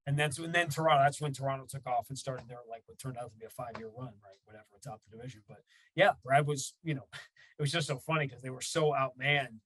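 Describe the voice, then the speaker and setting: A man's voice: mid-range voice, quick pace, a bit bright, rough recording. A middle-aged man, a radio play-by-play announcer, talking sports as a guest in an emphatic storytelling way. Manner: emphatic, storytelling, acts out quotes. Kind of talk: animated sports talk.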